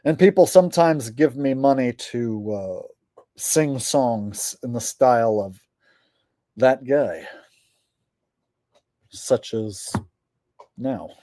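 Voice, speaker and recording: A man's voice: medium pitch, takes it slowly, long pauses, dark tone, no echo. A man streaming on YouTube, chatting casually to his viewers, rambling with frequent "uh" fillers.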